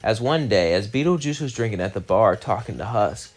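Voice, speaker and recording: Faint music plays behind a low-voiced young man who narrates a fan story on his channel, brisk and expressive. He chains events loosely with "as" and "would say," winding up with a rambling, chatty outro packed with fillers.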